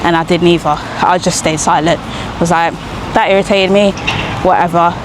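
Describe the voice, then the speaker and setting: A young woman, a sleep-deprived new mother vlogging on a street walk, tells a rambling story in a chatty, animated way. Her voice is fairly low, her pace moderate, and background noise is audible.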